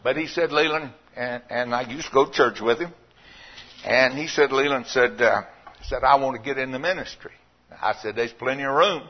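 A man preaching a sermon, telling folksy stories and rising to loud, emphatic points. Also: medium pitch, normal speed, lo-fi sound.

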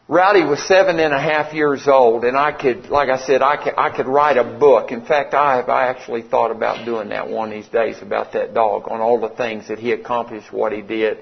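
A man's voice: mid-range voice, fairly even intonation, brisk, vocal fry, hardly any pauses. A middle-aged man, preaching a sermon in a folksy, conversational way and acting out the dialogue of a story. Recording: slightly dull lo-fi sound.

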